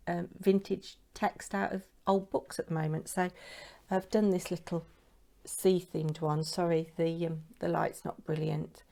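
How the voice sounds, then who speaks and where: A middle-aged woman with a British accent talks casually to her camera from a home craft room, rambling from one handmade piece to the next. Her voice sits fairly low and has a gravelly, creaky edge to it. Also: warm tone. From United Kingdom. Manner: chatty and rambling, showing crafts. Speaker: craft vlogger.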